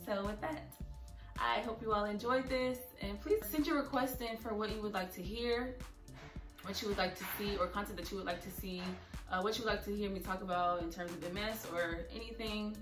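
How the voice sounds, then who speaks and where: A woman's voice: mid-range voice, brisk. A young woman speaking earnestly and openly emotional in a personal vlog. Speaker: vlogger. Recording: echoey room, a bit far from mic, soft music.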